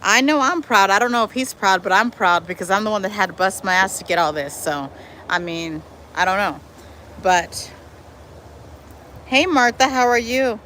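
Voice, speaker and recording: Her voice mid-range and her speed normal, a woman hosts a lively outdoor livestream from her backyard, going through viewer comments and calling her audience y'all. The recording is low quality, with faint traffic and outdoor sounds.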